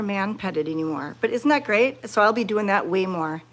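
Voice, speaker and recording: A woman chatting to her viewers while petting cats, excited and fond, cooing softly to the animals. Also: medium pitch, normal speed. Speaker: cat sanctuary vlogger.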